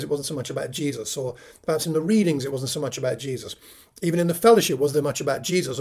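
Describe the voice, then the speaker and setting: Measured male preacher, slightly higher voice. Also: a little mellow. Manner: measured, slows to stress key phrases, rhetorical questions. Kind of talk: sermon teaching.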